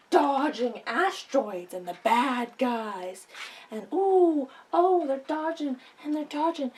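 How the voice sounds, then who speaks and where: Woman, casual vlog recap, chatty, rambling, jokey asides, fairly high voice. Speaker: vlogger. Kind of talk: casual movie recap with toy figures.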